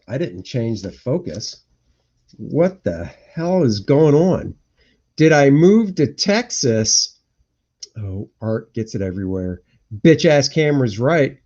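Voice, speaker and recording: Slow-talking man rambling on a live stream. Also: medium pitch, sing-song, dark tone. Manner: rambling, grumbles and mutters to himself. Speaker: cartoonist hosting a live stream. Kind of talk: casual live-stream chat, thinking aloud. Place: indoor home room. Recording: dull lo-fi stream audio.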